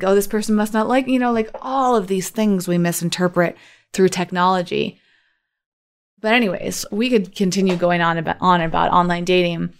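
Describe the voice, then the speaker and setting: A woman's voice: lowish voice, smooth. A woman co-hosting a podcast, talking in a thoughtful, rambling way with many fillers. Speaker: podcast co-host. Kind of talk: casual chat.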